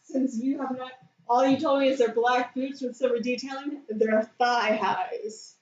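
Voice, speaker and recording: A woman's voice: sits high, steady tone, unhurried, very noisy. A woman playing in a casual tabletop game, bargaining and reading rules, laughing often. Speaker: player. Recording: echoey, dull lo-fi sound.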